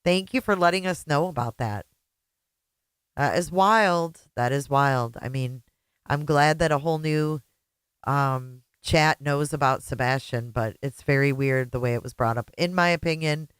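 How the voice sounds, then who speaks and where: Woman, livestream host, teasing casual chat, smooth clear voice, dry close sound. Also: deep voice, dry recording.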